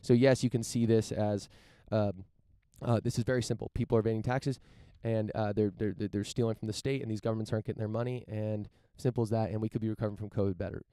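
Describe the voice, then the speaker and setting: A man from the United States commenting casually on news and reading passages aloud, halting and repeating words as he searches for his point. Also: fairly low pitch, steady tone, dark tone, clear, resonant tone, no echo, clean studio sound. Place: outdoors in front of a mansion.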